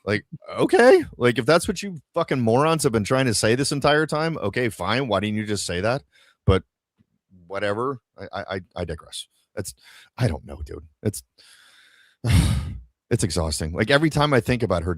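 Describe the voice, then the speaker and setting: A man's voice: on the low side, animated, a little fast, no echo. Man, podcast host, exasperated, swears a lot, dry close sound. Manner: profane, exasperated ranting. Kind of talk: casual podcast chat.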